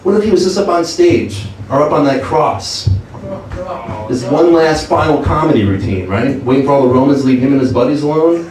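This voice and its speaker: A man's voice: a little high, lively intonation, fairly quick, a little mellow. A man doing a stand-up comedy set with brash, crude punchlines. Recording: echoey club from far off with crowd. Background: crowd laughing.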